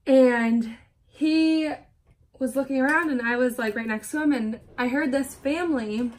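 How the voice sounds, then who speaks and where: A young woman with a slightly high voice chats her way through a makeup routine for her vlog. Her stories ramble, packed with "like," and she sounds openly fed up when she complains. She is talking casually to camera at home. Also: measured pace. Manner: rambling, lots of filler "like"; exasperated, venting. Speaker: beauty vlogger. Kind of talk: chatty get-ready-with-me storytelling.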